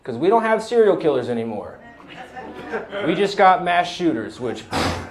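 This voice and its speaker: A man's voice: a little high, big pitch swings, normal speed. A man in his thirties doing a stand-up set, talking casually and loosely, often laughing between lines. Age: 30s. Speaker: stand-up comedian. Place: comedy club stage with audience laughter.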